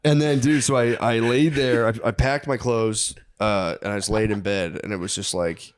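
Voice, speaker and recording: A man's voice: on the low side, fairly even intonation, normal speed, clean tone. A man co-hosting a podcast, telling a long story in casual chat, rambling and profane and often laughing as he goes. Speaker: podcast co-host.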